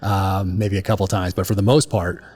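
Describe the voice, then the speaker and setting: A man in his forties, a former SEAL, hosting an interview and asking relaxed, conversational questions. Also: deep voice, fairly quick, breathy edge. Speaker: podcast host, former SEAL. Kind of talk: interview host.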